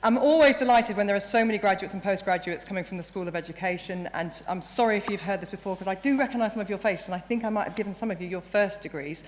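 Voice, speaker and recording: A woman in her forties, a university chancellor giving a graduation address, earnest and a little croaky, now and then correcting herself mid-sentence. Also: medium pitch, quick pace, few pauses. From England. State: croaky, emotional. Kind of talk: ceremonial speech. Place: large hall. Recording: reverberant hall, light background noise.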